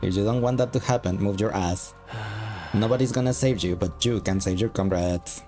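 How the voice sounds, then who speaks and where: A bitter male demon soldier full of self-hatred, as a man reads him in his own low voice. He swears constantly in a flat monotone, and faint game music sits underneath. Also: moderate pace, close to an everyday voice. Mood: commanding. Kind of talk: game dialogue read aloud.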